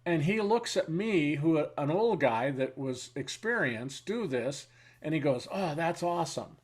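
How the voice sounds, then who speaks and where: A man in his seventies, a veteran interviewee telling war stories in a halting way, with pauses and fillers, then blunt and wry. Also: fairly high pitch, expressive. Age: 70s. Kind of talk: reflective war storytelling.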